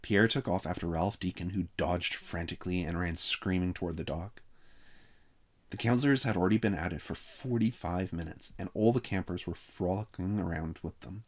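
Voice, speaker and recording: A man reading a children's novel aloud with steady, expressive narration. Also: low-pitched, moderate pace. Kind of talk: read-aloud story narration.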